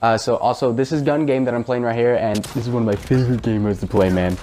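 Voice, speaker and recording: A man's voice: medium pitch, steady tone, fast, mellow, a little hiss or hum. Chatty man reviewing a video game. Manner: chatty and rambling, with fillers and casual swearing. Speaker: gaming channel host. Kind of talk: casual game review talk.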